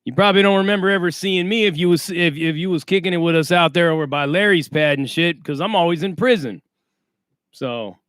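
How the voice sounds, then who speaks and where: A man's voice: on the high side, a bit bright, smooth, no room sound, clean studio sound. Streetwise man hosting a livestream. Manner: streetwise slang, reads chat names aloud. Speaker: livestream host. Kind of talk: casual livestream chat.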